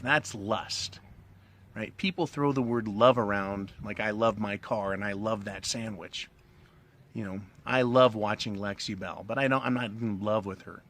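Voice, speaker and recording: A middle-aged commentary channel host with a lowish, slightly bright voice talks to the camera in a casual monologue. Smoking a cigar as he speaks, he's crude, blunt and rambling, asking "right?" over and over.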